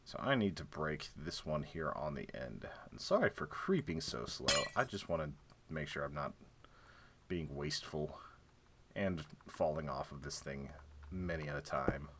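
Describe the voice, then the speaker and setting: A man's voice: a bass voice, expressive, normal speed, very noisy. A young man streaming a building game, chatting casually and jokingly, with lots of fillers, and counting blocks under his breath.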